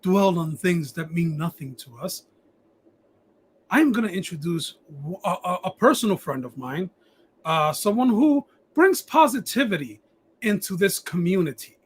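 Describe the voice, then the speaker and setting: A man's voice: high-pitched, expressive, measured pace, a bit bright, slightly rough. A man hosting a casual live-streamed podcast, swearing often and restarting his sentences. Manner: profane, rambling, stammering restarts. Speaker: podcast host.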